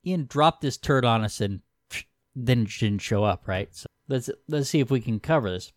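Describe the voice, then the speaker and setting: Teasing podcast guy with a lively up and down voice, laughs a lot. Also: mid-range voice, moderate pace, dry recording. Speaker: podcast co-host. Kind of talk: casual chat.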